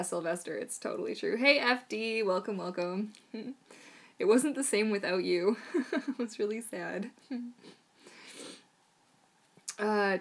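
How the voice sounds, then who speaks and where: Bubbly woman chatting on a livestream. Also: mid-range voice. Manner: chatty and bubbly, many fillers, laughs often. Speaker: livestream host, mermaid tail maker. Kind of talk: casual live Q&A chat.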